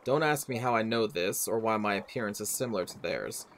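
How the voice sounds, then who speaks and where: A man's voice: on the low side, expressive, brisk, fairly bright tone, a little hiss or hum, pitched below the performer's own voice. A man reading a bitter, defiant elf woman. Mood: guarded. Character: guarded female elf wanderer, bitter and defiant.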